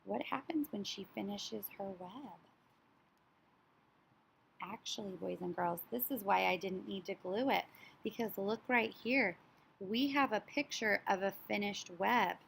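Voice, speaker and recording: A woman teaching a story sequencing lesson to young children, speaking in an animated, child-directed way and now and then imitating animal sounds. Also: medium pitch, gravelly, slight background noise.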